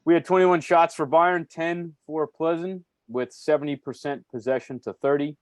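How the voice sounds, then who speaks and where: A male co-host runs through soccer scores with loose enthusiasm and frequent laughter. His voice sits a little high, and the sound is dry and close, with no room echo. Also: fairly even intonation, normal speed. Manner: enthusiastic, laughs often, swears. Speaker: podcast co-host. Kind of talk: casual chat.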